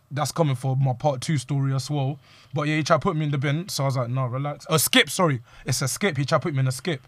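A man's voice: fairly high pitch, fairly bright tone, dry recording, clean studio sound. A young man, animatedly telling a street story to friends and acting out the quotes. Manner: slangy, acts out quoted lines.

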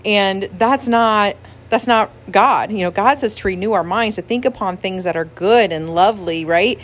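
A woman hosts a casual devotional podcast and speaks in a candid, personal way. Her voice sits at a middle pitch. She often tags her thoughts with "like" and "right?" as she talks to her listeners. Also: moderate pace. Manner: candid and personal, with frequent "like" and "right?" and soft laughs. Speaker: podcast host.

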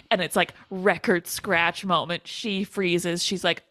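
A woman's voice: fairly low pitch, slow pace, hardly any pauses, fairly bright tone, no echo. A young woman co-hosting a podcast, animatedly retelling a horror film's scenes, acting out quotes and laughing often. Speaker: podcast co-host. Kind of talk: casual chat, retelling a film.

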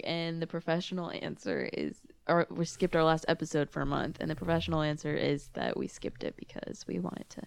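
A woman's voice: low-pitched, steady tone, brisk, gravelly, few pauses, clean tone. A young woman co-hosting a casual podcast with her father, chatty and sarcastic, laughing often. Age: young adult. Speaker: podcast co-host. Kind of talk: casual chat. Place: her father's home office, indoors.

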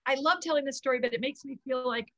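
A middle-aged woman, a yoga founder, tells stories in an animated, gushing way and laughs often. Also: high voice, quick pace, no echo. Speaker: guest, kids yoga founder. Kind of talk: casual storytelling interview.

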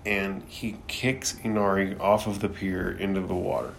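Deep gravelly man recapping casually. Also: normal speed, slight background noise. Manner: laid-back, swears freely, relaxed filler words. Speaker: anime reviewer.

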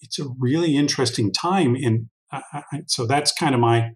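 This guest expert on workforce intelligence speaks in a mid-range voice at a normal speed, and the recording is rough. He gives long, thoughtful, conversational interview answers, often restarting and leaning on fillers.

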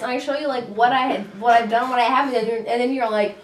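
Playful higher-voiced woman, casual cleaning chat, echoey and distant. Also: fairly quick, slight background noise. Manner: playful, laughs often. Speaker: co-host. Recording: echoey room, distant mic.

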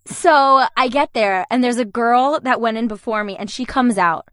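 A woman's voice: a little high, normal speed, a bit bright, dry recording, studio quality. A young woman in her twenties, a voice actor telling stories in a casual interview, chatty and often laughing. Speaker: voice actor guest.

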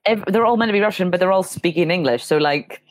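A woman comedian chatting casually on a remote call, animated and quick to laugh. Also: lowish voice, no room sound. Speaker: comedian panelist. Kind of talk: casual chat.

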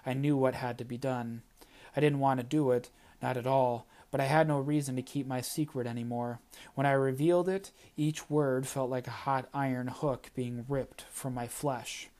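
A man narrating a first-person audiobook chapter in a steady, plain storytelling manner. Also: medium pitch, normal speed.

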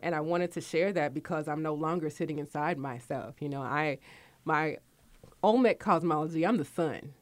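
A woman's voice: normal speed, no echo. A woman in her forties hosting a radio talk show, chatting candidly and openly about her life and work. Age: 40s. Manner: chatty and candid, lively with sudden high bursts. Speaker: radio host.

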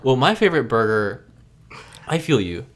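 A man's voice: mid-range voice, normal speed. Young guy joking around on a podcast, mid voice, goofy banter. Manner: playful, joking, animated. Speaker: podcast co-host. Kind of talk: casual chat.

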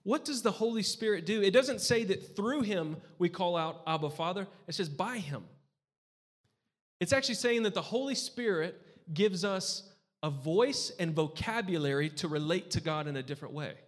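A man's voice: high-pitched, lively intonation, moderate pace. A pastor in his thirties preaching a sermon, talking in a conversational way and often asking the congregation questions. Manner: conversational, asks the crowd questions. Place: church hall. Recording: hall reverb in a church.

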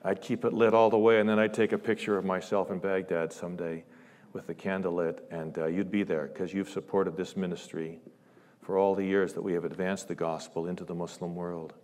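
A man preaching a sermon in a large church, speaking with passion, his voice rising loud on scripture quotes and falling to hushed asides. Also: low voice, little pitch movement, fairly quick. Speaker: guest preacher. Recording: long church reverb.

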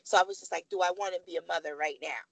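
A woman's voice: lowish voice, rapid-fire, creaky, no echo, low-quality recording. A woman in her thirties, a podcast guest, telling a personal story candidly and acting out the voices of people she quotes. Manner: animated, acts out quoted voices.

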